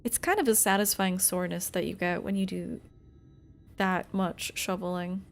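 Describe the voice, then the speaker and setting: A woman's voice: lowish voice, steady tone, normal speed, creaky. A woman streamer chatting casually and candidly between game scenes. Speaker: streamer doing game voiceover. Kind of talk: casual chat.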